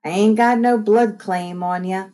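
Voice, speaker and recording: A woman's voice: mid-range voice, steady tone, unhurried, close to an everyday voice. A woman reading as a big, tender foster mother. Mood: tearful. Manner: soft, tender, folksy dialect.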